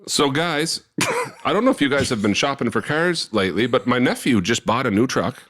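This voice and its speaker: A man's voice: medium pitch, normal speed. A man co-hosting a podcast, telling funny stories with a laugh and acting out the voices of the people in them. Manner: animated, laughing often, acting out quoted voices. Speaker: podcast co-host. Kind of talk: casual chat, comic storytelling and live ad read.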